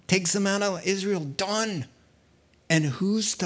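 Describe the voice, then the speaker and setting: A man preaching a sermon, telling the story in a lively way and acting out the voices he quotes. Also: sits high, takes it slowly. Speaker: pastor.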